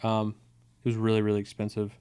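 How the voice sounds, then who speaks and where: A man's voice: on the low side, monotone, fast talker, warm tone, clear, resonant tone. Laid-back swearing young man. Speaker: podcast co-host. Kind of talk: casual chat.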